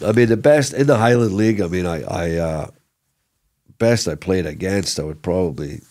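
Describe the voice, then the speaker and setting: A middle-aged man, a former footballer, telling stories in a casual interview, rambling and animated with many restarts. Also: low-pitched, moderate pace. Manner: animated, rambling, lots of repeated starts and "you know what I mean".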